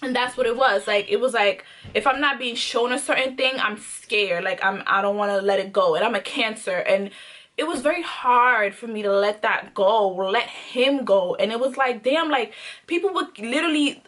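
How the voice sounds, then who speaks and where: A woman's voice: a little high, moderate pace, a bit bright. A young woman vlogger telling a personal story in a candid, emphatic way, repeating phrases for emphasis. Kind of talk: casual storytime monologue.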